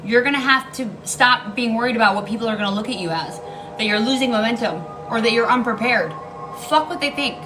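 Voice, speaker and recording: A woman's voice: fairly high pitch, brisk, background noise. A woman giving a casual tarot reading, blunt and emphatic, swearing freely and repeating key lines for emphasis. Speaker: tarot card reader.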